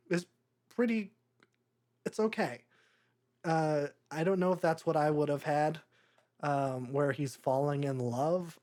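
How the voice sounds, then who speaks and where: A young man co-hosting a podcast, chatting casually about a movie, rambling and halting with lots of fillers. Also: a little high, darkish tone. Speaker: podcast co-host. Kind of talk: casual movie review chat.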